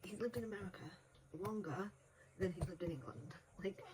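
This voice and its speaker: A woman's voice: mid-range voice, lively intonation, brisk, crowd noise, poor audio. Chatty woman reviewing a book. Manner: chatty, laughs often, acts out quotes. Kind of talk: casual audiobook review.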